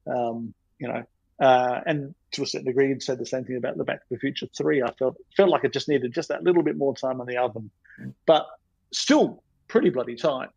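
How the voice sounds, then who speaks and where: A man's voice: medium pitch, fairly quick, vocal fry, a little mellow, breathy edge, no room sound, lo-fi sound. A man, a storyboard artist telling stories on a podcast in a rambling, self-deprecating way. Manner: rambling, self-deprecating, many ums and you-knows.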